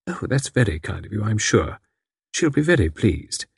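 A man voicing a calm, competent middle-aged woman who talks cheerfully and comfortably. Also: lowish voice, normal speed, gravelly, slightly rough, no room sound, studio quality, heavily acted. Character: calm competent matron of about fifty.

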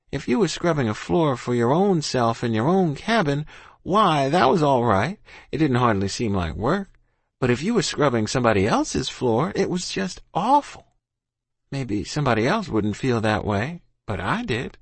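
A man's voice: medium pitch, creaky, breathy edge, dry recording. A man reading a first-person story aloud as an audiobook, in a folksy, plain-spoken rural dialect. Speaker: audiobook narrator.

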